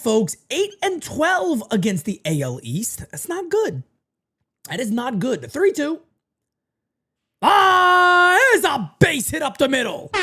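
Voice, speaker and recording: Animated man calling baseball live. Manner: animated, jumps between hype and low asides. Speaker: live baseball watch-party host. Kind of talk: live play-by-play commentary and sponsor read.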